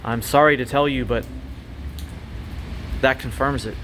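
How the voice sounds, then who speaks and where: A man voicing a calm veterinarian who delivers bad news solemnly and matter-of-factly. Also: mid-range voice, a little slow, background noise, natural voice. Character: calm, solemn male vet.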